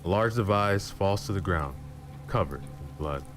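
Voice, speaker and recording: A man reading a dramatic story aloud in a low, slow, intimate manner. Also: animated, a little hiss or hum. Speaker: storyteller streamer. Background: background music and rain.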